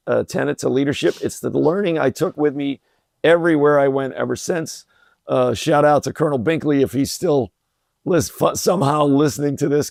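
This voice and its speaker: A middle-aged man telling a personal story in an interview, relaxed and full of fillers and restarts. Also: medium pitch, gravelly, no echo, clean studio sound. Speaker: podcast guest, company president. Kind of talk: conversational storytelling.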